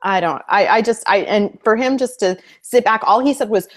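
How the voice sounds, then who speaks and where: A woman co-hosting a casual TV discussion, opinionated and animated, often acting out quotes from the characters. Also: medium pitch, fairly quick, few pauses. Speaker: podcast co-host. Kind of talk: casual chat.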